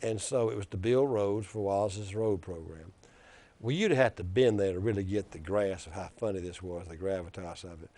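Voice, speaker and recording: A man's voice: sits low, moderate pace, warm tone. Folksy older man telling stories. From Alabama. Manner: folksy, rambling anecdotes with frequent restarts. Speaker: political commentator and show host. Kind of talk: casual storytelling chat.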